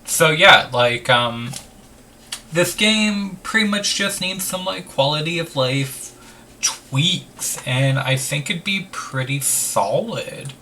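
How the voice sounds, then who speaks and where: A man's voice: fairly high pitch, expressive, slow pace, bright, forceful tone, far from the mic, a little hiss or hum. A man hosting a let's play, rambling casually with lots of "like" and the odd swear word. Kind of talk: casual gameplay commentary.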